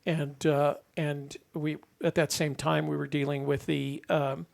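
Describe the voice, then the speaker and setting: A man's voice: on the high side, flat delivery, measured pace, gravelly, darkish tone. A man in his seventies, co-hosting a live stream, rambling and correcting himself as he tells stories and laughs at himself. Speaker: co-host. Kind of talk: casual live-stream chat.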